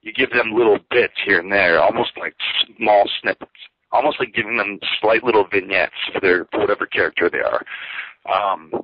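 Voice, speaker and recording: A man with a low voice tells his career story in a loose, rambling way, padding it with fillers and asides. The audio is dull and lo-fi, and it sounds dry with no room around it. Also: normal speed, breathy edge, dry recording. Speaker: interview guest, former pro wrestler.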